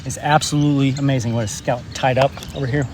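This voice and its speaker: A man from West Texas, rambling and emphatic in a casual spiritual vlog, his voice a bit hoarse, recorded outdoors in a field. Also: medium pitch, steady tone, quick pace, background noise. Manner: rambling and emphatic, urging viewers. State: slightly hoarse. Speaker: spiritual vlogger.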